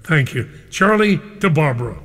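A man's voice: on the high side, sing-song, normal speed, fairly bright tone, in a large hall. An older man hosting a live radio music show, calling listeners "cousin" with playful, chummy banter and taking phone requests. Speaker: radio disc jockey.

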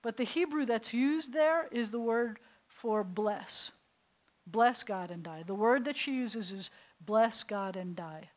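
A woman's voice: a little high, slow pace, rough recording. A middle-aged woman, a rabbi, teaching a beginners' Hebrew class to adults in a synagogue classroom and telling stories as she asks the class questions. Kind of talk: classroom lecture to adult learners.

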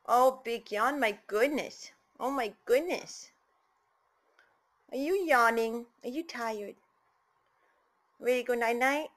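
A woman talking baby talk to her pet bird at home, cooing and sometimes dropping to soft whispers. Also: fairly high pitch, takes it slowly, long pauses.

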